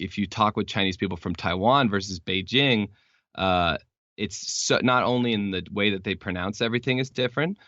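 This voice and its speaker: In a casual interview chat, a young Texan podcast guest from the United States rambles through his explanations with plenty of fillers and restarts. His voice sits low and sounds pushed and bright. There's no echo, though the audio is dull and lo-fi.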